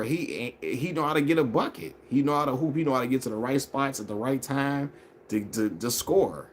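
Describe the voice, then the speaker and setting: A man's voice: medium pitch, slight background noise. A man hosting a casual live stream, chatting loosely about basketball and reading viewer comments. He talks in slang, repeats his phrases and laughs often. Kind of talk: casual sports chat.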